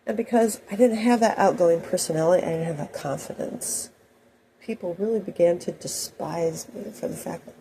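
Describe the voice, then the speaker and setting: Gravelly-voiced woman telling a rambling story. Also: on the low side, normal speed, warm tone, a little hiss or hum, rough recording. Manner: rambling, anecdotal, many asides. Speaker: host. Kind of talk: personal storytelling monologue.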